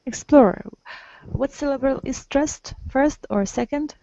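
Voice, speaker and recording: A woman's voice: sits high, a little slow, dark tone, no echo, dull audio. A woman teaching an English lesson to a small group, patiently prompting and correcting her students. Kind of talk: online group language lesson.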